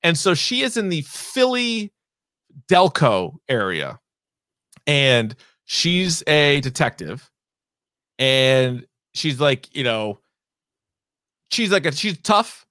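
A man's voice: on the high side, sing-song, slow pace, long pauses, sharp tone, dry recording, studio quality. A man co-hosting a podcast, rambling through entertainment news in casual chat and swearing now and then. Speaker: podcast co-host.

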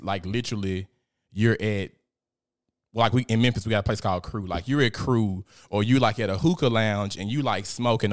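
A young male host runs a casual live stream, reading viewer comments aloud and talking in an animated, foul-mouthed way. His voice is on the low side.

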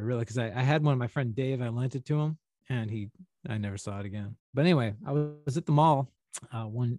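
Male podcast co-host from St. Louis, mid-pitched, animated rambling storyteller, dry close sound. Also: dry recording. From St. Louis, USA. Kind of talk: casual storytelling chat.

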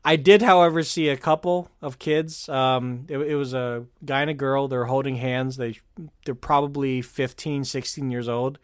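A man's voice: medium pitch, steady tone, normal speed, clean tone, no echo, studio quality. A man from California chatting casually on a podcast, rambling with fillers and restarts. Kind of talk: casual chat.

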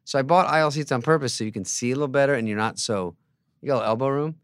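A man in his fifties, a comedian guest, telling a story in a sarcastic, deadpan way and acting out other people's lines. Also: medium pitch, fast, clear, resonant tone, dry recording, studio quality. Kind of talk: casual storytelling chat.

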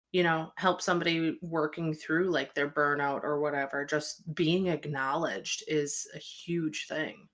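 A woman's voice: low voice, steady tone, measured pace, hardly any pauses, a bit bright. A woman co-hosting a podcast, chatting in an enthusiastic, supportive way. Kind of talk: casual podcast chat.

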